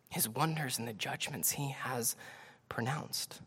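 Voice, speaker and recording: A male pastor preaching a sermon, animated, swinging between loud emphasis and hushed near-whispers. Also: medium pitch, a little slow, slightly rough. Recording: long hall reverb.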